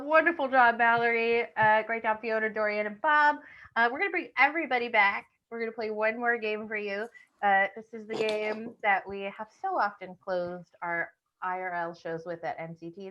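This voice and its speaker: A woman's voice: on the high side, moderate pace, bright, forceful tone, muffled recording, slight background noise. A woman hosting an online improv show over a video call, with upbeat emcee patter.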